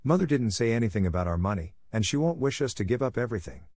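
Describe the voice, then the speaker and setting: A man's voice: mid-range voice, lively intonation, fast, a little mellow, no echo. A man reading the lines of a blunt, spirited tomboyish teenage girl in an audiobook.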